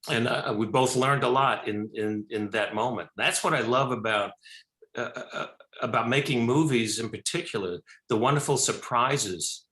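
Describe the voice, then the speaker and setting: An older man tells a story with bright, forceful energy, rambling and restarting as he goes. His voice rings in a roomy studio. He speaks as a director being interviewed. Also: medium pitch, normal speed. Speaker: film director and actor, guest. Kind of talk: talk show interview.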